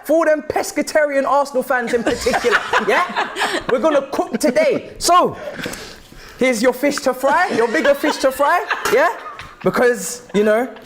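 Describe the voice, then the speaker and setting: A man's voice: very high voice, fairly bright tone, slight background noise. A man teasing a rival fan in casual banter, chuckling between his phrases. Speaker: pundit.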